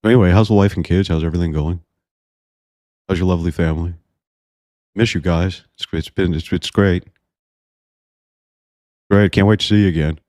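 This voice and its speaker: A man mimicking an easygoing male friend who answers in a quiet, offhand way. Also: low-pitched, steady tone, moderate pace, long pauses, no room sound, clean studio sound, natural voice.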